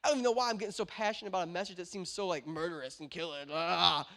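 A young man preaches in a high voice to his church. He talks earnestly, then swells into passionate, shouted preaching. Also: animated, rapid-fire. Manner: builds from quiet earnest talk to passionate shouting. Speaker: pastor. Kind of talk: sermon.

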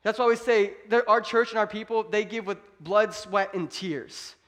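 A pastor delivers his sermon in a high, light male voice. He preaches emphatically but keeps it conversational, like he is talking straight to his congregation. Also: fairly even intonation, normal speed, fairly bright tone. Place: church.

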